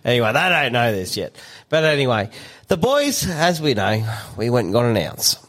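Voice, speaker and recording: A man on a podcast, telling a story in an animated, laughing way. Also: medium pitch, normal speed. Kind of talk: casual chat.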